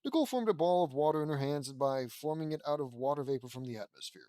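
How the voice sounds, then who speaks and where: A man's voice: on the high side, animated, quick pace, mellow, dry recording. A man reading fan fiction aloud and breaking in with sarcastic, swearing commentary. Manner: sarcastic, swears freely, laughs at the text. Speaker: audiobook reader.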